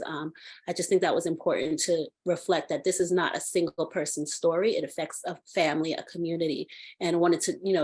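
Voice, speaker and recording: A woman's voice: sits low, a little mellow, husky. A woman hosting a live film panel, sharing her reflections at length with many "you know"s. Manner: reflective, filler-heavy. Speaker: host.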